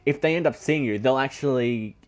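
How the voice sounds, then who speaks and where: A man's voice: medium pitch, fairly quick. Young man chatting over gameplay. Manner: eager, rambling explainer with many fillers. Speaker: gameplay commentator. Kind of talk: casual let's play chat.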